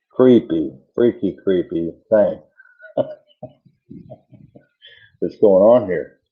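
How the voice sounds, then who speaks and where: A man hosting a radio show, casually telling a story and acting out the voices of the people in it. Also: deep voice. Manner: animated retelling, acting out quoted voices. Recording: tinny phone-like audio.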